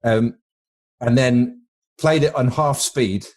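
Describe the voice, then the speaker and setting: Speaking slowly in a medium-pitched, darkish voice, a British man co-hosts a casual film podcast. He's jokey and rambling, stumbling over repeated words as he thinks.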